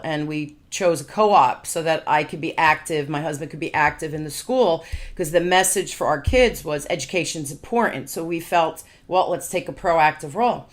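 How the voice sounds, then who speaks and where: A woman in her forties hosting a show, telling personal stories with lively acted-out dialogue. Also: lowish voice. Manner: animated storytelling, acts out quoted dialogue. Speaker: podcast host. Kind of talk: casual interview chat.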